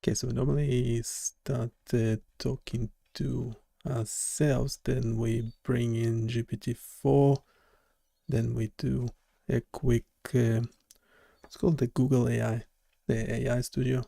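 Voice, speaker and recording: Man, live-stream host, gravelly, flat delivery, casual blunt chat. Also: medium pitch, slow, dry recording. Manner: casual, blunt, repeats words in bursts.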